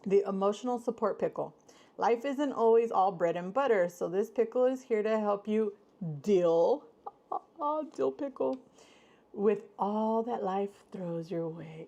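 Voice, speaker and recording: A woman hosting a casual live stream and chatting to her viewers, effusive and gushing, her voice swooping up high whenever she gets excited. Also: a little slow.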